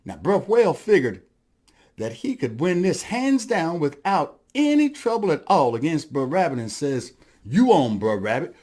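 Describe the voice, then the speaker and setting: A man telling a folktale as a storyteller, lively and addressing the audience, adding sound effects as he goes. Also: on the high side, moderate pace.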